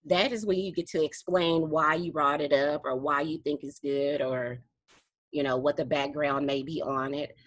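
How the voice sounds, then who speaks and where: A woman's voice: deep voice, steady tone, normal speed, no room sound. A woman explaining meeting procedure to a study group over a video call, laughing often and correcting herself as she goes. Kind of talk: online teaching session.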